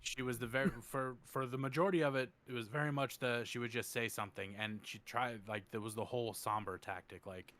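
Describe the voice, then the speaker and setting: A young man co-hosts a casual podcast in a mid-pitched voice. He explains in long, rambling sentences full of swearing. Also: fairly even intonation, brisk, hardly any pauses, a bit bright, dry recording. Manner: profane, explaining in rambling run-ons. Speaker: podcast co-host.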